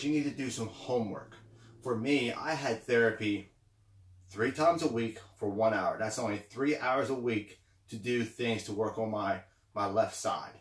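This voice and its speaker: A man's voice: fairly low pitch, far from the mic. Encouraging man giving a roomy pep talk. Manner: encouraging, repeats phrases, frequent okay and right. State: slightly winded. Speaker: motivational vlogger. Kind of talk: casual motivational pep talk. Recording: roomy sound, away from the mic.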